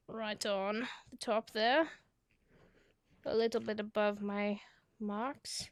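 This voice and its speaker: An American woman, likely a young adult, vlogging a crafting tutorial in a chatty, self-deprecating way, sliding into a half-British lilt while explaining and going soft and quiet during careful steps. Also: mid-range voice, steady tone, slow pace, pauses often, clean tone, no echo. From United States.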